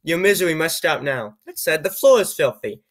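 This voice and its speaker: A man reading an odd, computer-written story aloud, with low-key, wry remarks on the text and frequent stumbles over words. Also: sing-song, fairly quick, fairly bright tone. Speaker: YouTuber reading AI-generated stories. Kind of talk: comedic reading with asides.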